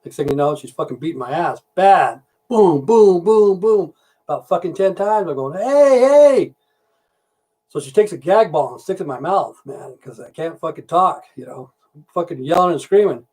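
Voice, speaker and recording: A man with a voice pitched a little above most men's rambles through a crude joke on his livestream. He is a trucker who swears constantly and keeps losing the thread as he tells the story. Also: fairly quick, darkish tone, slightly rough. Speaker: livestream host.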